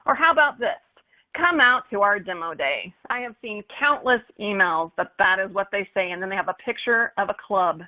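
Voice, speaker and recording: A woman giving an upbeat, animated lesson on email copywriting for golf courses, using playful examples. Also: mid-range voice, normal speed. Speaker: marketing instructor for golf courses. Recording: phone-like narrow sound.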